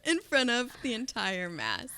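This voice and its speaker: A woman's voice: on the high side, a little slow, smooth. A woman co-hosting a podcast, chatting casually and telling funny stories with frequent laughter. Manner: animated storyteller, laughing often. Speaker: podcast co-host. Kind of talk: casual chat.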